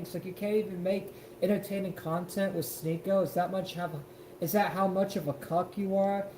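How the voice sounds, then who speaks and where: A man hosting a podcast, reacting to a clip with loud, profane, heated rants. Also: sits high, slight background noise. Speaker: podcast host. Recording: roomy echo with faint ambience.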